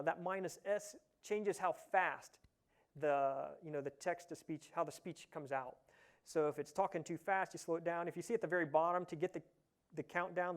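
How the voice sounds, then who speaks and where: A man from Ohio, giving a casual conference tech talk, relaxed and chatty with lots of "uh" fillers. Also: fairly high pitch. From Ohio, USA. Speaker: conference presenter. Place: conference session room.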